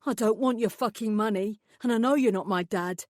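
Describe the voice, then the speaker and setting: An angry young man snaps and snarls with bitter hostility, as a woman reads him in an audiobook. He speaks a little high, in a dry, close recording. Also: brisk, darkish tone, dry recording, close to an everyday voice. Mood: furious.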